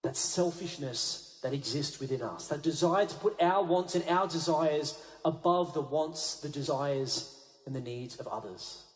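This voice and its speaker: A Catholic priest with a fairly high voice gives an energetic youth rally talk on a stage mic. He sinks his voice low and soft to land a point. The sound rings around a big, reverberant hall. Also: unhurried. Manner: energetic, dropping low and quiet for emphasis. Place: large conference hall with a big audience. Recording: echoey large hall.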